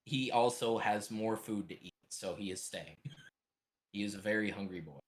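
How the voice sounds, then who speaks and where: A man's voice: lowish voice, moderate pace. A man player casually describing his character's actions at a tabletop game.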